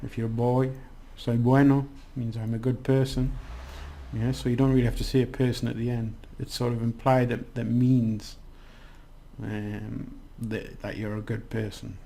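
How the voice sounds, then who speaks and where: A man's voice: medium pitch, little pitch movement, normal speed, creaky, mellow. A man giving a casual language lesson, chatty and rambling with many restarts. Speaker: language teacher.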